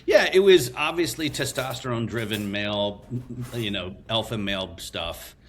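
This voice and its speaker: Animated man telling a bar story. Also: fairly low pitch, moderate pace. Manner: animated anecdote-telling with profanity and acted-out quotes. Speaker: podcast guest, comedian. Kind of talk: casual storytelling.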